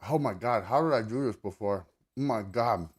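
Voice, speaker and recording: A man's voice: medium pitch, moderate pace, husky. A man hosting a casual show while forcing down an eating challenge, groaning and swearing as he sweats and strains between bites. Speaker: podcast host.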